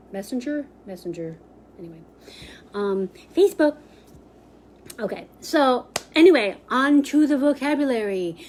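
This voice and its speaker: Slow, high-voiced chatty woman teaching. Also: slight background noise. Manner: chatty, laughs often, many fillers and restarts. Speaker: sign language teacher. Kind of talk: live-streamed class. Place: library.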